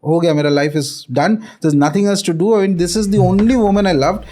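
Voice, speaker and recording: A man with an Indian accent quoting a grieving, quick-tempered king in a told story. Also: high-pitched, warm tone, lightly acted. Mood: grief-stricken.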